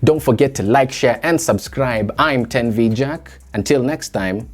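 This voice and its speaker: A man's voice: mid-range voice, unhurried, faint music behind. A young Kenyan man with a Kenyan accent, hosting a solo podcast and musing aloud with rhetorical questions to his listeners. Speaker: podcast host.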